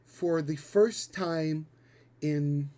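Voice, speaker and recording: A man's voice: a little high, warm tone. A man running a tabletop role-playing game and narrating the scene, with fillers and the odd curse. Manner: descriptive, halting with fillers and swears. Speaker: game master.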